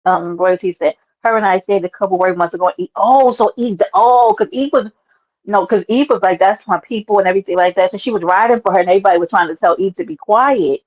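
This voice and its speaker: Animated New woman streamer. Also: mid-range voice, fast talker, lo-fi sound. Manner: loud, animated, talks to chat by name, swears. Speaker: livestream host. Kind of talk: casual livestream chat reading comments.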